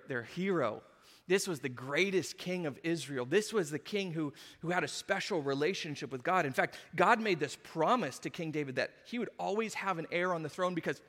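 A man's voice: on the high side, fairly bright tone, long reverb tail. A man preaching a sermon, retelling a story with jokey asides and acted-out voices. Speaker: pastor. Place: church hall with congregation.

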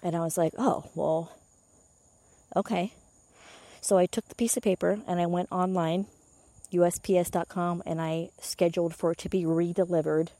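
A young woman and meditation teacher tells a story in a loose, chatty way. She acts out her own reactions and swears now and then. Her voice is mellow and warm, recorded close and dry. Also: on the low side, dry recording. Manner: chatty, animated retellings with swearing and laughs. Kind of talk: casual storytelling monologue.

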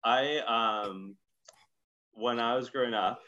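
A man from Scotland co-hosting a podcast, telling stories in a lively, chatty way full of "like". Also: lowish voice, moderate pace, muffled recording. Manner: animated storytelling, lots of "like". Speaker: podcast co-host. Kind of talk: casual chat.

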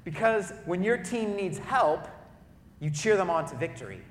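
High-voiced preacher in an echoey hall. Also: male voice, moderate pace. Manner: lively storytelling with audience asides, loud bursts when acting out cheering. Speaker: pastor. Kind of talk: sermon. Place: church auditorium.

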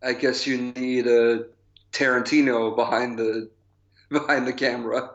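A man's voice: medium pitch, flat delivery, measured pace, fairly bright tone. A man co-hosting a podcast in casual chat, enthusiastic and laughing between phrases. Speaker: podcast co-host. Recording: slightly dull lo-fi mic.

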